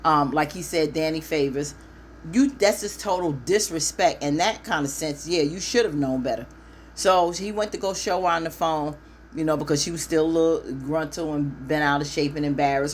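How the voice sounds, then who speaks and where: A woman's voice: low-pitched, normal speed, slight background noise. Chatty woman recapping a TV show. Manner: chatty, opinionated, talks straight to viewers. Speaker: TV recap host.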